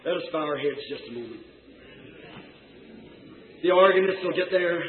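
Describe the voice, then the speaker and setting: A man preaching an impassioned revival sermon that bursts into shouts. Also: fairly high pitch, moderate pace, pauses often. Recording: tinny echoey hall recording.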